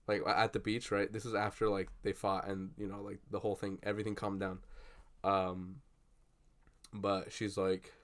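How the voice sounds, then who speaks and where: A young man chatting casually at his desk about a film he just saw, rambling and swearing with lots of fillers and excited bursts. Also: fairly low pitch, normal speed. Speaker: vlogger. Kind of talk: casual movie reaction chat. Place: at a desk indoors. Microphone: computer webcam.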